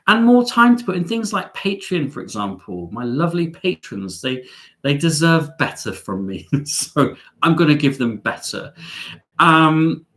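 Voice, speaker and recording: A man's voice: a little high, sharp tone. Chatty, sarcastic middle-aged man. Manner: chatty, self-mocking, sarcastic asides, many ums. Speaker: travel vlogger hosting a live stream. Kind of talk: casual live-stream chat reading viewer comments.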